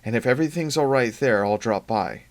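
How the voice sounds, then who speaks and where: A man reading aloud, voicing a nervous young man who speaks in quick, raised, stammering lines. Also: mid-range voice, lightly acted. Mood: anxious.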